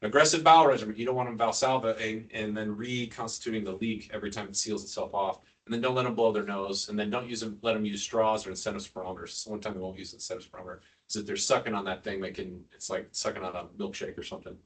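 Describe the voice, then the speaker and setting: A lower-voiced man lectures ICU staff in a relaxed, joking way, firing quiz questions at the room. His voice is picked up from a distance in a hospital teaching room, so it sounds a little removed. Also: quick pace, hardly any pauses. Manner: informal, joking, quizzes the audience.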